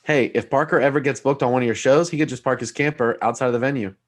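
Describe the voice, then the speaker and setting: Man, co-host, crude jokester, brash, mid pitch. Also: fairly even intonation, fast talker. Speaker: podcast co-host. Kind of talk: casual chat on video call.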